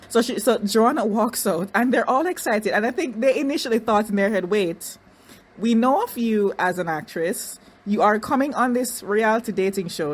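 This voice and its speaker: A woman casually reviewing a reality dating show, chatty and animated, restarting sentences and doing mocking impressions. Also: medium pitch, a little hiss or hum. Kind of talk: casual recap commentary.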